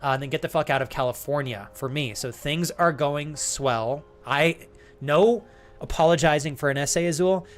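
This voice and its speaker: A man's voice: a little high, moderate pace, faint music behind. A man live-streaming a game, joking crudely with chat and thanking viewers as he plays. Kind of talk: live gaming stream banter.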